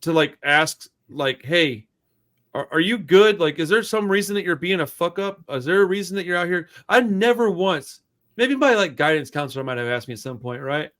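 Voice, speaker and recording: Lively profane young man telling stories. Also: fairly high pitch, normal speed. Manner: animated, profane, acts out quotes. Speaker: podcast co-host. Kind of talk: casual storytelling chat.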